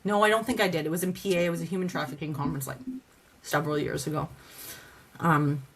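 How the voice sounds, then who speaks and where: Sitting low and husky, this woman's voice moves fast as she tells her story casually as a guest on a podcast. She is an advocate from Canada and a lively storyteller who acts out conversations, leaning heavily on "like" fillers.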